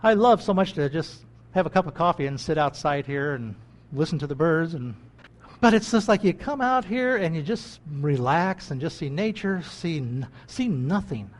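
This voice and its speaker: A man delivers a sermon in a high, light voice. He talks to the congregation as if chatting with them, rising into loud, excited bursts and then dropping into quiet asides. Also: moderate pace. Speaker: pastor. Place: country church.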